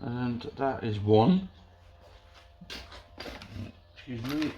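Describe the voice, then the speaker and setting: Poor audio captures a man with a medium-pitched, mellow voice talking very slowly but animatedly. He's a vlogger welding a pickup in his garage, casually chatting to camera and muttering to the job at hand.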